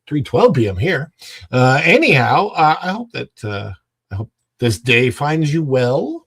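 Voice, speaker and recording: Male livestream host, higher-pitched voice, casual and rambling, greets chatters by name. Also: creaky, husky, no room sound. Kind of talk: casual live chat. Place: home.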